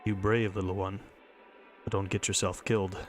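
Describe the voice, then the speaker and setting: A man puts on a gruff, cryptic old drunk for a visual novel reading. He talks in short, clipped, broken English from a low register, patient but shutting the girl down. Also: little pitch movement, moderate pace, close to an everyday voice. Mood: warning. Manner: clipped broken English, calls her little one.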